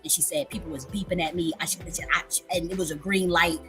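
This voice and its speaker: A woman's voice: lowish voice, steady tone, fast, a bit bright, faint music behind. A woman in her thirties hosting a casual livestream, telling a story candidly with frequent profanity and repetition for emphasis. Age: 30s. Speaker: livestream host.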